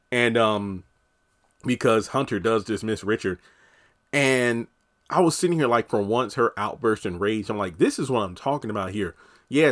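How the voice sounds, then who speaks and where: A man giving a casual, animated episode recap, acting out the characters' lines as he goes. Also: mid-range voice. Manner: animated, acts out quotes from characters. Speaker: TV episode reviewer.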